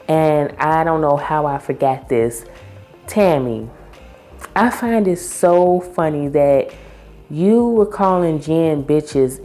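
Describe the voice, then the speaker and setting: A woman's voice: deep voice, mellow. A woman vlogger recapping a TV episode in a chatty, opinionated, slangy way. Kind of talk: casual TV recap chat.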